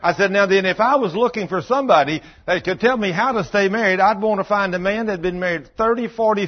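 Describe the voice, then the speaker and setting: A preacher man tells sermon stories in a folksy way, acting out both sides of each conversation. His voice sits a little high and sounds husky. The recording is dull and lo-fi. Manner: folksy, acts out dialogue, drops to low intense tones. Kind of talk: sermon storytelling.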